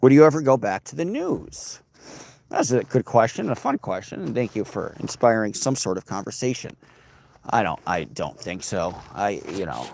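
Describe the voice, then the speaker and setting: This former news anchor, a young man, chats with viewers while strolling outdoors in the cold, replying to their comments vlog-style. His low, gravelly voice has a slightly mellow quality, with faint hiss or hum behind it. The talk wanders, interrupts itself, and stays dryly humorous.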